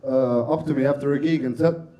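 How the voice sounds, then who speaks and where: A man from Estonia with an Estonian accent doing an open-mic stand-up set, deadpan and sweary, laughing at his own jokes. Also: mid-range voice, fairly quick, dull audio, a little hiss or hum. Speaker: stand-up comedian. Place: comedy club stage with audience.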